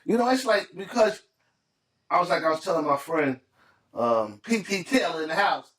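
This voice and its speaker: Middle-aged male podcast co-host, animated storyteller, higher voice, recorded off-mic in an echoey room. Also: moderate pace, recorded from a distance. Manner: animated, acts out quotes in voices. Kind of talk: casual chat, storytelling.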